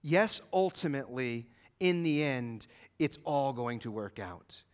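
A male pastor preaching a sermon, swinging between loud emphatic lines and hushed low ones. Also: lively intonation, unhurried, clear, resonant tone. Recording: long hall reverb.

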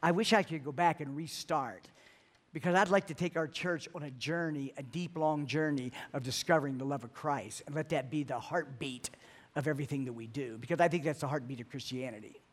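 A man's voice: a little high, brisk. Earnest man preaching a sermon. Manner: earnest, repeats words when building to a point. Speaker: pastor.

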